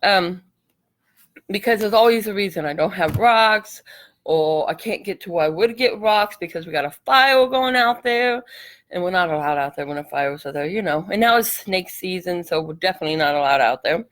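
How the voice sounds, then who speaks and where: A woman's voice: on the low side, animated, normal speed. A middle-aged woman chats her way through a casual craft tutorial livestream. She is a little out of breath from allergies and keeps apologizing for it. Her talk is loose and friendly, with easy laughs between steps. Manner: chatty, apologetic, laughs easily.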